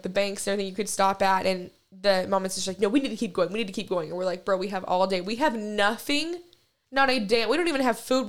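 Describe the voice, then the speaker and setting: A young woman on a podcast telling a long story in casual chat, rambling and profane, with constant "like". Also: medium pitch. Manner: rambling, heavy use of "like", profane. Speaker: podcast co-host.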